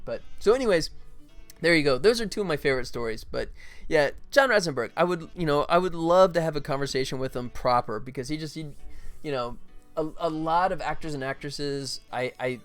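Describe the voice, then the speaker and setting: Middle-aged man, slightly high voice, chatty rambling storyteller, faint music behind. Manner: rambling, many fillers and "right?" asides. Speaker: game developer streaming his work. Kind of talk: casual storytelling on a livestream.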